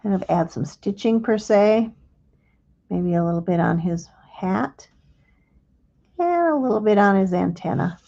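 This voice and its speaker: A woman hosting a live crafting demonstration and explaining each step gently and without hurry. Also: medium pitch, lively intonation, measured pace, creaky, long pauses, muffled recording. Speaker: craft instructor.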